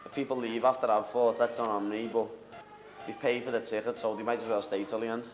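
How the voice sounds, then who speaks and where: A man's voice: lowish voice, level tone, fast, music in the background. A young man with a Liverpool accent, a fighter answering questions in a casual interview, cocky and full of banter, calling everyone "lad". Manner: cocky, banter-heavy, says "lad" constantly. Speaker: MMA fighter.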